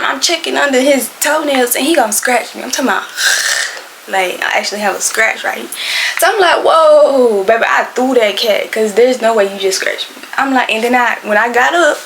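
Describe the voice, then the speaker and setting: A young adult woman telling a storytime tale in casual slangy speech, loud and animated, acting out what people said. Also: a little high, creaky, a little hiss or hum, low-quality recording. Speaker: storytime vlogger.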